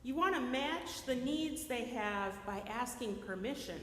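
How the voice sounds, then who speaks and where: A woman preaching a sermon in a lively, conversational way, often checking in with her listeners by asking "right?". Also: a little high, unhurried. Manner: animated, keeps checking in with the audience by asking "right?". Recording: echoey hall with long reverb.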